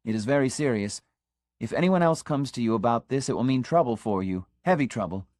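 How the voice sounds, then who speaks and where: A man's voice: medium pitch, expressive, brisk, a little mellow, no echo, clean studio sound, lightly acted. A man reading the part of an earnest, scandalized middle-aged country constable who delivers an urgent, conspiratorial warning. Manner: urgent, conspiratorial warning, drops to a stage whisper. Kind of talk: audiobook character reading.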